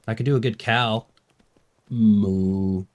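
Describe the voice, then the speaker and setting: A man's voice: lowish voice, expressive, fairly quick. A young man streaming a game, joking around casually and trying out silly animal noises. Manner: goofy, jokey, does animal noises. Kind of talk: casual gameplay commentary.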